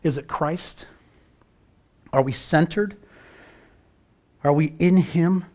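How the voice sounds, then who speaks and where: A man's voice: a little high, slow pace, mellow. Fervent preaching man, raised voice. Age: middle-aged. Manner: preaching with rising fervor, rhetorical questions to the congregation. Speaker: pastor. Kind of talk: sermon.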